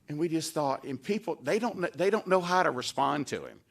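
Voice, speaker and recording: A man's voice: fairly high pitch, expressive, fairly quick, gravelly, few pauses. An older man giving a tribute speech at a dedication event, telling folksy anecdotes and acting out the lines he quotes. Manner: folksy storyteller, acts out quoted lines with a raised voice. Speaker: former staff member giving a tribute speech. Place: event hall at a podium.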